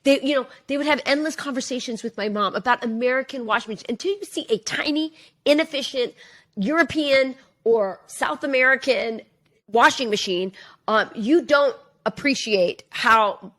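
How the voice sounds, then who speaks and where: Chatty woman with a higher voice. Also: moderate pace, a bit bright. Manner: long run-on sentences with many fillers. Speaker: podcast co-host. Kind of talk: casual political chat.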